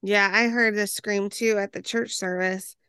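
A woman hosting an interview who reacts quickly and asks questions attentively. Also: medium pitch, fairly even intonation, bright, forceful tone, clear, resonant tone, no room sound, clean studio sound. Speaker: host. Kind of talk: interview chat.

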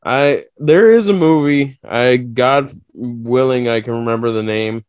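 A man co-hosting a podcast in casual chat, swearing freely and telling stories with lively energy. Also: mid-range voice, unhurried, smooth, no room sound. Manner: profane, animated storytelling with mock voices. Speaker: podcast co-host.

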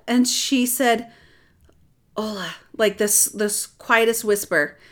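A middle-aged woman telling a personal story in casual chat, animated and rambling, with restarts. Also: fairly high pitch, slow. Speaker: adoptive mother telling her story.

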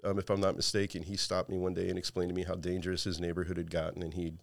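A man's voice: deep voice, completely flat delivery, racing, gravelly, dry recording. A man on a podcast, telling a funny story in casual chat and laughing along as he goes. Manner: laughs through his own stories. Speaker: podcast guest.

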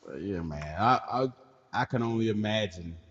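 A man's voice: on the low side, expressive, moderate pace, husky, big-room sound, lo-fi sound. A man co-hosting a podcast, riffing on crude hypotheticals in slangy casual banter. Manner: riffs on absurd hypotheticals, slangy and loud. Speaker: podcast co-host.

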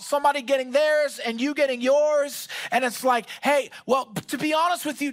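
A male pastor preaching a conversational, story-driven sermon. He swings from loud bursts to hushed asides. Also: very high-pitched.

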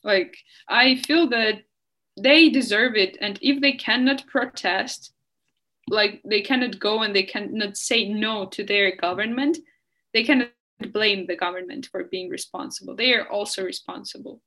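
A young woman speaks in an earnest, impassioned way. Her voice sits in a middle pitch, and she often pauses and restarts mid-sentence as she answers an interviewer. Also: sharp tone. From Ukraine. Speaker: guest.

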